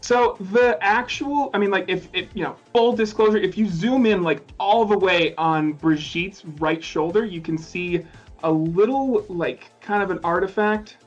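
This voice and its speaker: A man's voice: sits high, faint music behind. Candid, profane man on a dull call line. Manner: candid, rambling, profane, halting. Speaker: caller and guest. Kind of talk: casual chat on a call. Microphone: call audio.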